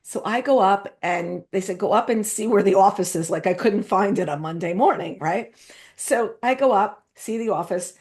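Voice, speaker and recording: Middle-aged woman, chatty host, lively anecdotes, laughs often. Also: mid-range voice, moderate pace. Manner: lively storyteller, laughs often, quotes others. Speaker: interviewer and host. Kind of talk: casual anecdotal chat.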